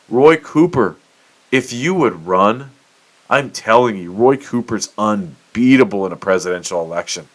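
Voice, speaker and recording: A man's voice: on the low side, lively intonation, a little slow. A middle-aged man from the United States hosting his own show, ranting in casual commentary with swearing and self-mocking outbursts. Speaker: podcast host.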